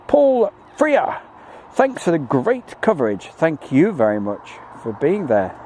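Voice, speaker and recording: A man's voice: mid-range voice, very animated, unhurried, darkish tone, a little hiss or hum. A man hosting a live plane-spotting stream, chatting jokily and reading out viewer messages. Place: outdoors at an airfield.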